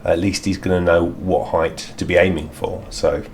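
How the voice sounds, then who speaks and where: A man's voice: low voice, fairly even intonation, normal speed, slight background noise. A man outdoors in a garden, talking through a DIY product review in a rambling, hesitant way with many fillers.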